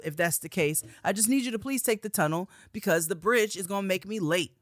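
A woman telling a story in casual chat, animated and profane, acting out heated quotes. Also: fairly low pitch, fairly quick, few pauses, dry recording, studio quality. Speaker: podcast host telling a story.

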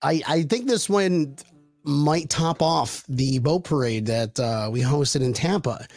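A man with a Buffalo accent hosts a live fan show in a chatty, jokey way, sprinkling his lines with "uh". His voice sits a little high and sounds close and dry on the mic. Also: takes it slowly, a little mellow, dry recording, soft background music. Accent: Buffalo, New York. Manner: upbeat, jokey, many "uh" fillers. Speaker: podcast host. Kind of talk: casual live show hosting.

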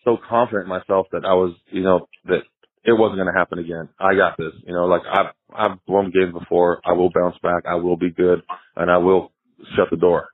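A former pitcher as a guest, telling stories in a rambling, casual way, often repeating himself and laughing. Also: male voice, flat delivery, a little fast, breathy edge. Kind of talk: casual storytelling interview. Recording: tinny phone line.

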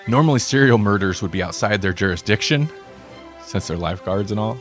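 Man narrating a silly story, lowish voice. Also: fairly quick, soft background music. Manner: relaxed, self-deprecating asides. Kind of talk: reading a comedic crossover story aloud.

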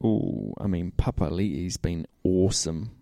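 Dark, laid-back Kiwi man. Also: sits low, measured pace, dry recording, studio quality. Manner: laid-back, blunt banter. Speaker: podcast co-host. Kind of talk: casual sports chat.

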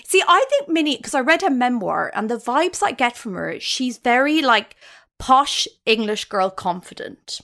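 A woman co-hosting a podcast, telling a story in a chatty, animated way with many fillers. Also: fairly high pitch, moderate pace. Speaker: podcast co-host. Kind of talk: storytelling chat.

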